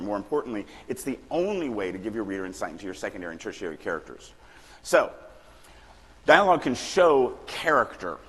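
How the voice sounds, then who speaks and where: Middle-aged guy from louisiana giving a casual writing talk, kinda low voice, big echoey conference hall. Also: breathy edge. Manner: casual, animated, acts out quoted lines. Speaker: writing workshop speaker. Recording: long hall reverb, faint room noise.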